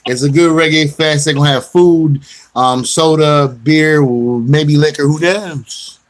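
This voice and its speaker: A man's voice: a little high, a little slow. A middle-aged man hosting a casual radio show, loose and joking, talking straight to listeners. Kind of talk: casual internet radio chat.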